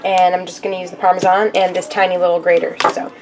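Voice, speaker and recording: A woman's voice: lowish voice, completely flat delivery, quick pace, noisy background. A young woman vlogging her day, chatting casually to her viewers. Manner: chatty, addresses viewers as you guys. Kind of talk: casual chat.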